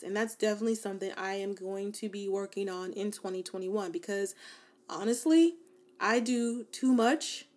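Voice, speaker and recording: A young adult woman talking casually to her viewers, giving self-love advice in an animated, emphatic way, with lots of "like" and "you know.". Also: mid-range voice. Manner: conversational, many fillers like "like" and "you know". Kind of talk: casual motivational talk to camera.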